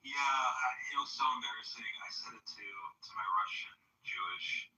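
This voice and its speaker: A man chatting casually on an audio app, relaxed and filling his speech with "like". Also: lowish voice, normal speed, reverberant, distant mic, lo-fi sound. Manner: relaxed, says "like" a lot.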